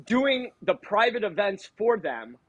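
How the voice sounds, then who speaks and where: A male mentalist guesting on a podcast, jumping in eagerly with quick takes in casual chat. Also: high-pitched, very animated.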